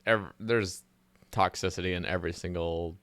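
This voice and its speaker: A man's voice: low-pitched, steady tone, moderate pace, a bit bright, dry recording. A man hosting a podcast, easygoing and agreeable, telling casual stories. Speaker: podcast host.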